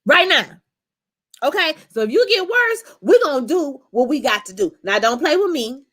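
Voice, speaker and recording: A woman's voice: high-pitched, sing-song, moderate pace, fairly bright tone, pitched above the performer's own voice. Stern protective man, scolding and commanding, put on by a woman. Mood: insistent. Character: stern protective middle-aged man insisting.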